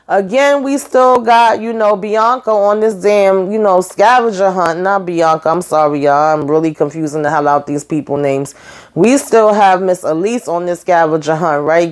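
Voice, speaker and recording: A woman's voice: mid-range voice, a little mellow. Chatty sassy woman recapping a show. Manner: chatty and sassy, addresses viewers as girl and honey. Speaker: show reviewer recapping an episode. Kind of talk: casual recap chat.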